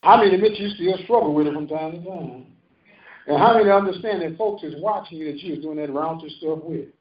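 Talking fast in a fairly high voice, a man in his fifties leads a call-and-response sermon with rising and falling emphasis. The setting is a church sanctuary, and the recording is muffled and roomy, taken from a distance.

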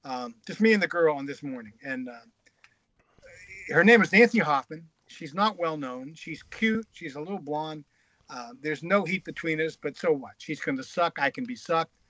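Male guest storyteller, high bright voice, frank and crude, slightly muffled dry recording. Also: expressive, moderate pace, dry recording. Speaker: guest author. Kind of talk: casual anecdotal storytelling.

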